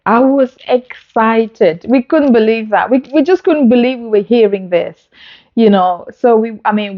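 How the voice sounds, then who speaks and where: A woman speaks straight to camera in a mid-pitched voice, telling her own story earnestly and with feeling. The sound is a little dull, as from a phone recording. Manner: earnest, emotional retelling with acted-out dialogue. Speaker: vlogger.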